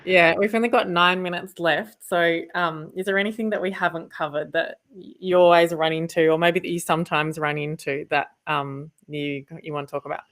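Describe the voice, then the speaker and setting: A woman's voice: fairly low pitch, steady tone, a bit bright. A woman co-hosting a podcast, talking casually with lots of fillers and asides. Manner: rambling, many fillers, quick asides. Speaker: podcast co-host, former journalist.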